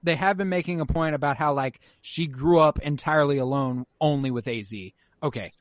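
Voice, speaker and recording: A man recapping a show episode in casual chat, animated and swearing freely as he acts out his reactions. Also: on the high side, a little fast, dry recording. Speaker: podcast host recapping an episode.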